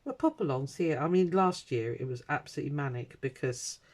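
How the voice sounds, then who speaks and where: A woman's voice: low voice, a little fast, darkish tone. A middle-aged British woman vlogging at her home craft desk, chatting in a rambling way with lots of ums and uhs. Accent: British English. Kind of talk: casual chat.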